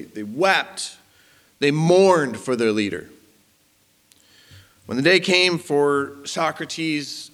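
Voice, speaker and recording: A man preaching a sermon as pastor, animated and rising to emphasis. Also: a little high. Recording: long hall reverb.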